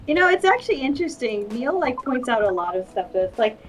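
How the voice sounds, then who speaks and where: A woman co-hosting a casual chat, animated and playful, acting out bits of dialogue and silly noises. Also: on the high side, brisk, faint music behind, low-quality recording. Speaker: podcast co-host.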